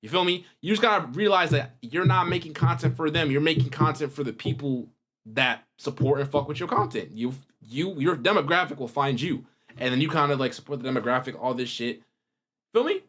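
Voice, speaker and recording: A man's voice: fairly high pitch, fairly quick. A young man hosting a reaction video, talking casually to his viewers in a rambling, slangy way. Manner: rambling, slangy, animated with wide swings in loudness.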